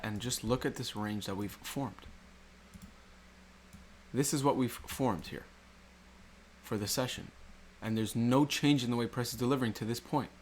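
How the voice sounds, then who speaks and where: A man's voice: mid-range voice, slight background noise. Man walking through charts with rhetorical questions. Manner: rhetorical questions, repetitive explaining. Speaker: trading educator. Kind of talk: screen-recorded chart walkthrough.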